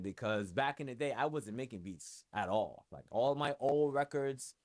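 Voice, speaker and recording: A New York man with a New York accent, a music producer hosting his own podcast, talks solo in a loose, rambling, profane way packed with fillers. His mid-range voice is expressive and a little mellow, at a moderate pace.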